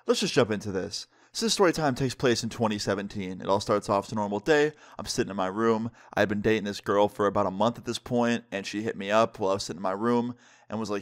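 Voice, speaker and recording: A young man narrating a casual storytime vlog, animated and emphatic, with casual slang. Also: fairly low pitch, fast. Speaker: vlogger telling a story.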